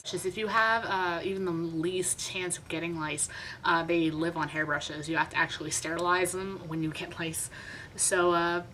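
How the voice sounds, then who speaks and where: A woman's voice: on the low side, fairly even intonation, normal speed, a bit bright, a little hiss or hum, low-quality recording. A young woman vlogger telling a story in a chatty, dramatic, self-mocking way. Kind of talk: casual storytime vlog.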